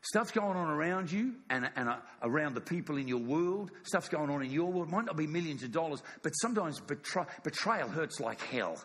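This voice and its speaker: A man's voice: fairly high pitch, animated, normal speed, hardly any pauses, fairly bright tone, big-room sound. A middle-aged man preaching a sermon in a church, emphatic and repetitive, often asking the congregation "yes or no?". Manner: emphatic, repeats phrases, asks congregation "yes or no?". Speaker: pastor.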